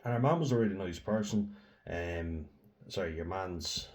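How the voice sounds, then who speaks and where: A man's voice: sits low, normal speed, a little mellow. A tired young Irish man talking casually to camera, chatty and rambling with lots of fillers. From Ireland. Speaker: vlogger.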